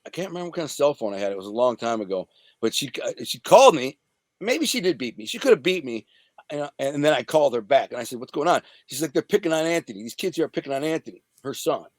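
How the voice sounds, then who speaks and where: A man from the Detroit area telling rough, profane stories from his past in a casual, animated way as an interview guest. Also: mid-range voice, fast, no room sound. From Detroit area, USA. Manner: streetwise, profane, animated retelling. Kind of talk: casual storytelling.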